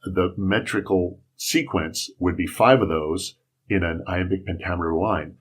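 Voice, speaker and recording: Deep, slightly husky male teacher type, patient and explanatory, casual interview. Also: a little slow. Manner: patient explaining, spells out rhythm. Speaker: Shakespeare instructor, guest.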